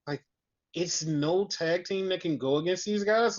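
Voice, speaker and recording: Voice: medium pitch, measured pace, dull audio. A podcast co-host in casual chat recapping wrestling, swearing freely and acting out what people said. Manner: animated, swears freely, acts out quotes.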